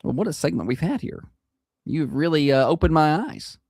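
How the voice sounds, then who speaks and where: A man's voice: fairly high pitch, expressive, normal speed, creaky, darkish tone, no echo, studio quality. A man hosting a radio morning show, joking and teasing his co-host in casual banter.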